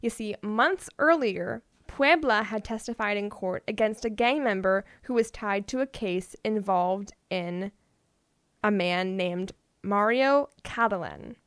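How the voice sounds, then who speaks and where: A woman's voice: mid-range voice, a little slow, no echo, studio quality. A woman co-hosting a podcast, telling odd stories in a playful, casual way and often laughing. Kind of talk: casual storytelling chat.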